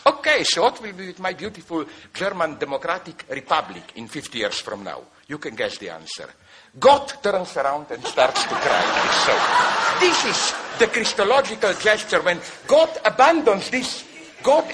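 A man's voice: high voice, slightly rough. A man giving a digressive public lecture, telling jokes and often correcting himself mid-sentence. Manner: animated, digressive, self-correcting, tells jokes.

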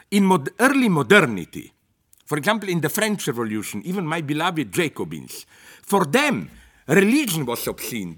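Animated older man. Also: on the high side. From Slovenia. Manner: animated and digressive, with restarts and tag questions like "no?". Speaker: lecturer. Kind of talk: improvised philosophical lecture.

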